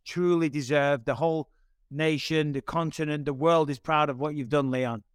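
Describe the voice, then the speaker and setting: Sweary, lively British podcast host. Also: male voice, fairly high pitch, normal speed, clear, resonant tone, dry recording, clean studio sound. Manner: sweary, blunt and enthusiastic. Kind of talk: casual chat.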